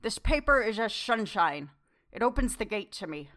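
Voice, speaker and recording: An old foreign professor, warm in his praise and grave in his fervour, drawing out his broken, formal sentences slowly, as a woman reader puts him on. It is a spoken storybook performance. His voice sits in a middle pitch. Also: very animated. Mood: fervent. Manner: broken formal English, slow and fervent. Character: old male foreign professor, earnest, effusive. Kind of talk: audiobook character reading.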